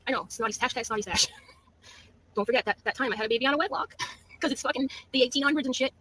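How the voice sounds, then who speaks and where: A woman from Massachusetts rants at a rival, brash and full of insults. Her voice sits high and she fires off words quickly, with a faint hum of noise behind her. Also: pushed and bright. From Massachusetts, USA. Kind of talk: trash-talking video rant.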